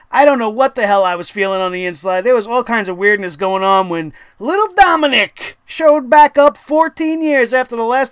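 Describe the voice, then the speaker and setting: A wrestling show host tears into the latest episode in a profane, sarcastic rant. The voice sits at a middling pitch. The sound is dry and close, with no room around it. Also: fairly bright tone, clear, resonant tone, no room sound. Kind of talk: ranting wrestling review.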